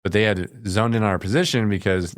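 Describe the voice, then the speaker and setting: A man from the United States speaks in a very low, smooth and resonant voice, recounting his combat experience as a podcast guest. His delivery is casual and matter-of-fact. The dry studio recording picks up no room sound. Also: fairly quick, dry recording. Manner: plainspoken, matter-of-fact, with brief laughs. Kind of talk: casual storytelling in conversation.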